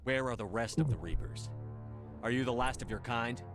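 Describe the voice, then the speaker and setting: A man's voice: medium pitch, moderate pace, lightly acted. A defiant soldier commander, played by a man pushes back with firm, challenging questions. His voice sits mid-range, with game music faint behind him. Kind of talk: video game dialogue.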